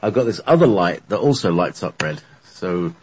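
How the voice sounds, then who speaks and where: Guy, low husky voice, hesitant podcast chatter. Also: very animated, moderate pace, darkish tone. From Britain. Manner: rambling, hesitant, with many fillers and laughs. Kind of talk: casual podcast chat.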